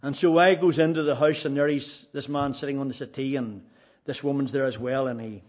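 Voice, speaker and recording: A man's voice: medium pitch, fairly even intonation, a little fast, a little mellow. A man, an evangelist, telling a personal story in a plain, earnest way, with frequent restarts.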